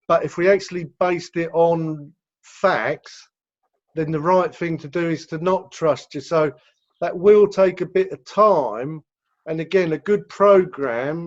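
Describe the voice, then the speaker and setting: A man from the United Kingdom leading a recovery group on a video call, talking in a rambling way and restarting his sentences often. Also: fairly high pitch. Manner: rambling, repeats words when starting sentences. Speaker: rehab director leading a group session. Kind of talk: conversational teaching on a video call. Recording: dull lo-fi video call audio.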